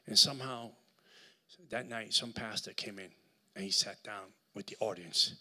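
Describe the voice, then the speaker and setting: A man with a Puerto Rican accent preaching a sermon as guest speaker at a church service, telling stories in an animated way and building up to loud preaching. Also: fairly low pitch, moderate pace.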